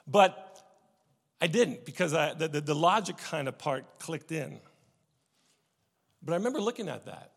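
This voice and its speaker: A man preaching a sermon, telling stories with many restarts and swings from loud emphasis to hushed tones. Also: on the high side, animated, normal speed, gravelly, pauses often, husky, big-room sound. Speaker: pastor.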